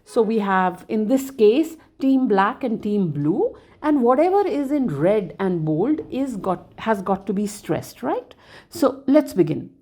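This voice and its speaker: Slow, lively-voiced woman teacher. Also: mid-range voice. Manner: patient, emphatic, models stressed words aloud. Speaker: English teacher trainer. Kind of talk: explaining a classroom lesson.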